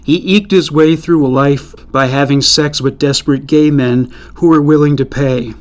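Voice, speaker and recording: A man narrating a true-crime story in a measured, even storytelling manner. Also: a little high.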